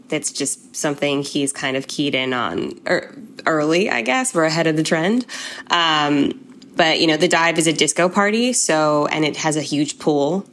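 A woman from a hotel company answering interview questions in a relaxed, chatty way. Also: deep voice, a little hiss or hum. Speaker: hotel representative.

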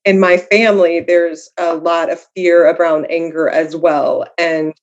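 A woman guest author talks candidly and reflectively about her own life. She mixes earnest thoughts with quick, self-deprecating asides. The audio is a bit dull and muffled. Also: lowish voice, level tone. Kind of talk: candid conversational storytelling.

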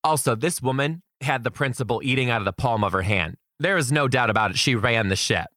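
A man's voice: medium pitch, fairly quick, no echo, studio quality. A young adult man, a teacher, telling a story and giving emphatic career advice. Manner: animated, emphatic, quotes people dramatically.

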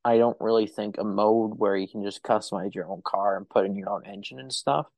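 A man's voice: lowish voice, fairly even intonation, a little fast, gravelly, darkish tone, dry recording. A man hosting a podcast in a casual chat, with a wry, offhand sense of humor. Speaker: podcast host.

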